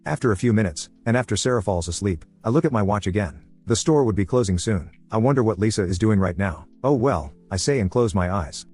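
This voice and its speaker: A man narrating a first-person story in a calm, even, plain telling. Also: fairly low pitch, fast, hardly any pauses, faint music behind.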